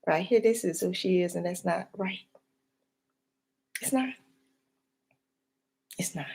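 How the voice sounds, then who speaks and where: A woman, a life and health coach, giving a motivational talk straight to the viewer in a preacher-like way, dropping to whispers and rising to loud emphasis. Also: lowish voice, takes it slowly, gravelly. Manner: addresses the viewer directly.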